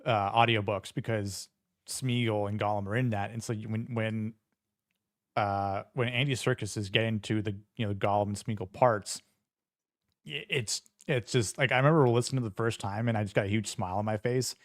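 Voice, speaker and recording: A man with a low voice chats casually on a podcast, wandering through his points with lots of fillers and restarts. The sound is dry and close. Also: steady tone, brisk, no echo. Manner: rambling, many fillers and restarts. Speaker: podcast co-host. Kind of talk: casual chat.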